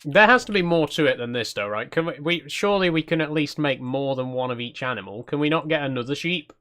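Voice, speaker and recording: On his channel, a man offers casual gameplay commentary, easygoing and a little self-conscious, while chatting with viewers. His voice sits on the high side, somewhat bright, and he talks quickly.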